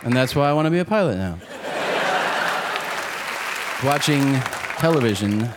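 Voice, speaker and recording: A man doing a stand-up comedy set on a club stage, acting out characters in quick asides. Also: mid-range voice. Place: comedy club stage before a laughing audience. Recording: live club recording with crowd laughter and noise.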